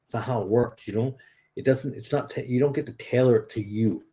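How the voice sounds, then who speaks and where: A man in his fifties with a Northern US accent gives an informal sermon as a lay preacher, his mid-range voice mellow and a little fast. He comes across as earnest and conversational.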